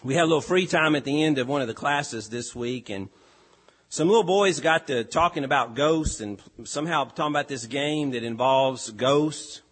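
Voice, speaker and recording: A pastor delivering a sermon, with an earnest, emphatic delivery that rises and falls. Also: male voice, mid-range voice, normal speed, a bit bright. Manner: earnest, emphatic preaching with rising and falling delivery.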